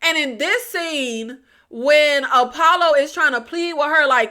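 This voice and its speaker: A woman, casually recapping TV episodes for her viewers in an animated, exasperated way. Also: high voice, a little slow. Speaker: TV recap vlogger. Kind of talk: casual review vlog.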